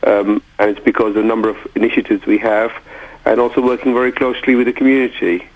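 Hesitant police officer on a phone line. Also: male voice, on the low side, steady tone, fast talker. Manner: hesitant, full of fillers. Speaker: police chief inspector. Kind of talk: phone-in interview. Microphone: telephone.

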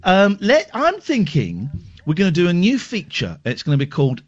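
Joking male radio host, higher voice, swinging wildly in pitch, lo-fi broadcast sound. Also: wildly swooping pitch, normal speed. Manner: playful, self-mocking, swings between drawls and bursts. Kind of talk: casual radio banter.

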